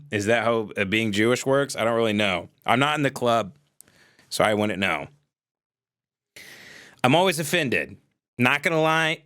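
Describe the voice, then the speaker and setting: Bright-voiced man ranting on a livestream. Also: medium pitch. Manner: profane, exasperated ranting; shouts at times. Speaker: livestream host. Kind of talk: casual ranting monologue. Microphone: desk mic.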